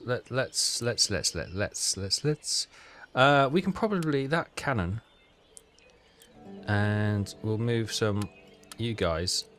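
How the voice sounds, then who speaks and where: A man's voice: lowish voice, a bit bright. Man musing over a strategy game. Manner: thinking aloud, halting and self-correcting. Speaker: gaming channel host. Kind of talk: casual strategy game commentary.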